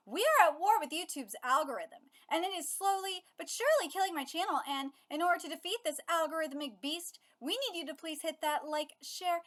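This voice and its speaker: A woman in her thirties hosting a manga reaction, chatty and excitable, swearing and gushing as she talks. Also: very high-pitched, fairly quick, hardly any pauses. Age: 30s. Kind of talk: live reaction commentary. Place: home setup with her cat.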